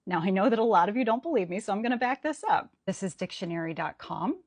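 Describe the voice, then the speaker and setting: A woman teaching about Shakespeare, explaining with clear emphasis. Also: mid-range voice, lively intonation, quick pace, no echo. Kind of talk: educational explainer.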